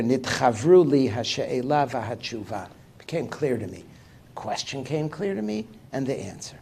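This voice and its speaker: A man, a rabbi, giving a livestreamed lesson, reading passages aloud and explaining them in an animated, emphatic way. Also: mid-range voice. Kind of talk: livestreamed lecture on liturgy.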